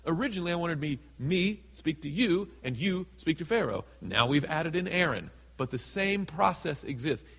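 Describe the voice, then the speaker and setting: A man's voice: fairly high pitch, lively intonation, fairly bright tone, slightly rough. Preaching man in a reverberant church. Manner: reads scripture slowly and dramatically, voices characters in asides. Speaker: pastor. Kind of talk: sermon. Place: church sanctuary. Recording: hall with long reverb.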